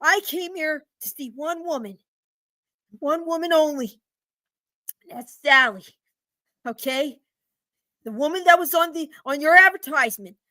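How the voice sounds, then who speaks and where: A furious, stammering middle-aged man, as a woman puts him on, rants at a story-night reading. The voice sits high and bright. It is recorded dry and close. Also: unhurried, pauses often, dry recording. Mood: indignant. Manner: ranting, stammering, indignant. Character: angry frustrated middle-aged male customer. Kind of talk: storytelling role-play.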